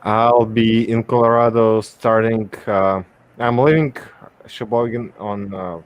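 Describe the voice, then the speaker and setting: Halting lower-voiced man from Wisconsin. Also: steady tone, dull audio. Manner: halting, stops often to search for words. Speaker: stream host. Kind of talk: casual chat.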